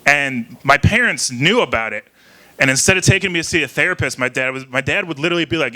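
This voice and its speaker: A young man from Ohio doing an open mic stand-up set, rambling and halting, laughing at his own jokes. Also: a little high, expressive, bright, forceful tone. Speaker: stand-up comedian. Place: small bar venue with live crowd.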